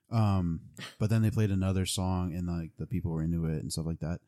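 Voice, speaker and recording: A man's voice: low-pitched, flat delivery, fast talker, dark tone. A young man casually retelling a movie plot, rambling with lots of fillers. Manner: rambling, full of "like" and "um".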